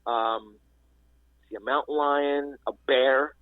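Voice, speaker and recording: A man, calling into a radio show and telling a story in a rambling, animated way with lots of restarts. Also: mid-range voice, slow, no room sound. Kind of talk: casual storytelling. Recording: dry, husky phone-line audio.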